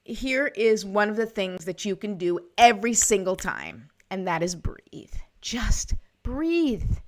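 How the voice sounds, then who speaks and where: A woman's voice: medium pitch, sing-song, a little slow. A middle-aged woman hosting a live wellness show, talking in a casual, encouraging way and often checking in with listeners. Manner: warm, encouraging, conversational with frequent "right?" and "okay?". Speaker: host of a wellness livestream. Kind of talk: casual motivational talk to live viewers.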